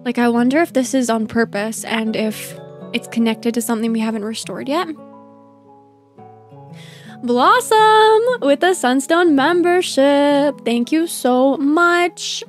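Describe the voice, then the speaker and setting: Bubbly, gushing woman streamer, higher voice. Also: a little mellow. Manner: bubbly, gushing, laughs often. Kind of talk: casual livestream game commentary. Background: faint game music.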